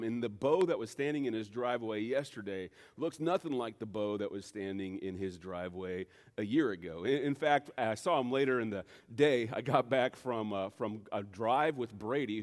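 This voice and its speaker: Pastor, man in his forties, mid-pitched, loose and conversational from the pulpit, self-deprecating humor. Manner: relaxed, self-deprecating storytelling with frequent fillers. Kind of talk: casual conversational sermon. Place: church sanctuary.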